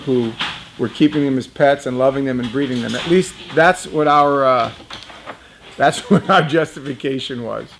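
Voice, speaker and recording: A man in his fifties casually telling a personal story, chatty and laughing often, talking straight to young viewers. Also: sits high. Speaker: reptile business owner.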